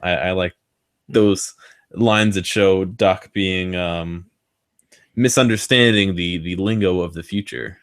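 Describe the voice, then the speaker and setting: A man's voice: low-pitched, steady tone, slow pace, clean tone. A man co-hosting a podcast, chatting casually about a film in a thoughtful, hesitant way. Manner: thoughtful, hesitant, trails off softly. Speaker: podcast co-host.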